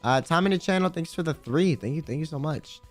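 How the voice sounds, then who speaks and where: High-voiced joking male streamer. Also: fairly quick. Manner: rambling, crude and joking. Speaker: live streamer. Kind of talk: casual live-stream chat. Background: faint background music.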